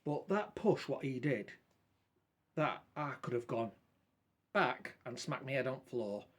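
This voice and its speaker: A man tells a meandering story to the camera in a loose, chatty way. He keeps quoting the exchanges word for word with "I says" and "he says". His voice sits at an ordinary middle pitch. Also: lively intonation, measured pace. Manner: rambling, colloquial, repeats quoted dialogue with "I says". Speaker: vlogger. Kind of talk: casual storytelling monologue.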